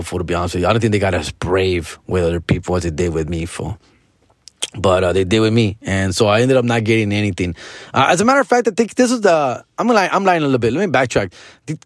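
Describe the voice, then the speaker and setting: Man in his forties, medium pitch, profane slangy storytelling, switches between English and Spanish, dry close sound. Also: dry recording. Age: 40s. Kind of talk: casual personal storytelling.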